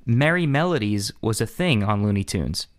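A man's voice: fairly low pitch, expressive, normal speed. A man hosting a casual podcast chat, asking quiz questions and often restarting his sentences. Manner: quizzing, restarts mid-sentence. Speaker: podcast host quizzing co-host.

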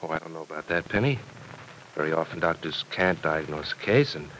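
A relaxed, teasing young fellow with a very deep voice in an old radio play. He talks in a reassuring way with an easy joking edge. The broadcast carries a faint hiss. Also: fairly quick, rough recording. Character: easygoing, teasing young man, her former fiancé. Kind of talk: 1940s radio drama acting.

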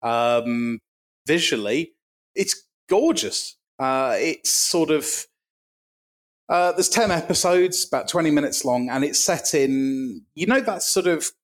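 Deadpan man, casual chat. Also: on the high side, slow. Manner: dry, deadpan delivery with vivid gory imagery. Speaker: podcast co-host.

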